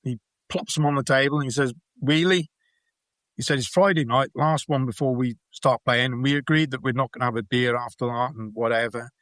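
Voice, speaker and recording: A man with a Welsh accent, a podcast guest telling anecdotes in a relaxed, chatty way. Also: mid-range voice, a little fast, dry recording. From Wales. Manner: chatty, anecdotal, laughs while telling stories. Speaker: podcast guest, bowls player. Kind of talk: storytelling in a casual interview.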